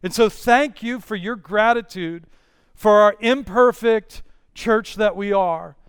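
A male pastor preaching an earnest, measured sermon with Bible readings. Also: sits high, clean tone, dry recording, studio quality.

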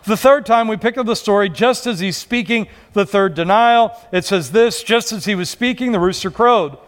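A man's voice: high-pitched, normal speed. A male pastor preaching a sermon in a conversational way, acting out quoted voices.

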